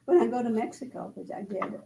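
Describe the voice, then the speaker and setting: An older woman chatting in a group, halting and repeating words, laughing as she talks. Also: fairly high pitch, gravelly, background noise.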